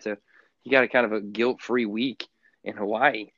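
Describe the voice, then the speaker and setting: A man co-hosting a sports podcast in casual chat, rambling with lots of halting restarts. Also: fairly low pitch, steady tone, no room sound. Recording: dull, muffled lo-fi sound.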